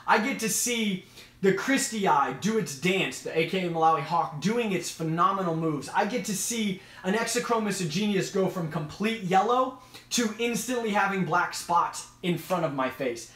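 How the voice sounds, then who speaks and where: A man's voice: sits high, animated, moderate pace, a bit bright, roomy sound. A man hosting a casual live stream, talking with eager, rambling enthusiasm. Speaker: host of an aquarium live stream.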